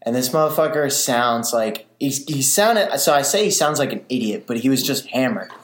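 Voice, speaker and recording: A man's voice: mid-range voice, animated, normal speed. A young man in casual podcast chat, loose and profane as he spins a story. His voice sits in the middle range. The room around him rings with echo. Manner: loose storytelling with swearing and laughs. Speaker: podcast co-host. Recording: roomy echo.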